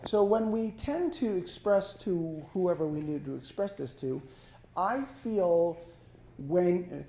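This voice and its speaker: A man giving a life-coaching talk to a small audience, speaking in a halting, conversational way and often correcting himself. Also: high voice, lively intonation, creaky, dark tone, a little hiss or hum. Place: lodge hall. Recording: echoey hall.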